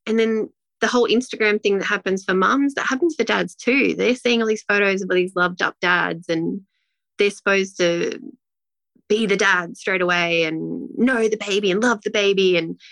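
A woman's voice: mid-range voice, normal speed, fairly bright tone, dry recording. A woman, a guest telling a personal story in a rambling, emotional way with many restarts. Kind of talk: casual interview talk.

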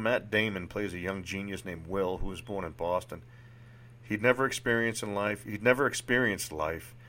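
A man's voice: low voice, a bit bright. A man reading his personal memoir aloud in a candid, reflective way, with occasional restarts.

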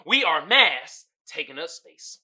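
Animated guy hosting a podcast, bright voice, jumps from mumbling to yelling, cusses a lot. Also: fairly high pitch, takes it slowly, husky. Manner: animated, swings from mumbling to loud outbursts, swears and laughs often. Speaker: podcast host. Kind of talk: casual comedic commentary.

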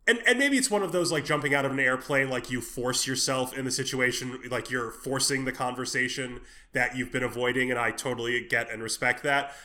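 Male podcast co-host, bright sharp voice, wry and articulate, dry humor. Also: medium pitch, a little fast, hardly any pauses. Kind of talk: casual chat.

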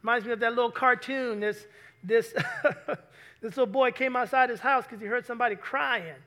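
At a moderate pace, a male pastor preaches in church with a remarkably high voice and a bright, forceful tone. He keeps putting questions to the congregation as he goes.

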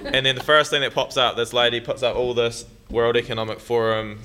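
A man's voice: medium pitch, flat delivery, fairly quick, pushed and bright, a little hiss or hum. A young man with a New Zealand accent telling a blunt, swearing, laughing story to an audience. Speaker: farmer speaker.

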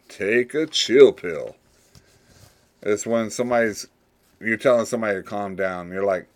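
A man hosting a casual podcast on his own, rambling, then jumping into loud playful slang voices. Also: fairly low pitch, normal speed, pauses often. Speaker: podcast host.

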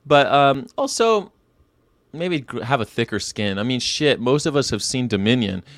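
Irreverent and rambling, this man in his late thirties discusses history on his daily vegan show, swearing and tossing out rhetorical questions with wry remarks. He sounds animated, with a mid-range voice at a moderate pace, captured on a dry recording.

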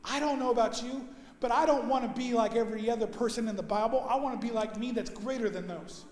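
A male pastor delivering a sermon with emphatic preaching, his voice hoarse from overuse, swinging between loud and soft and slowing down to stress his points. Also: extremely high pitch. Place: church sanctuary. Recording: echoey church hall.

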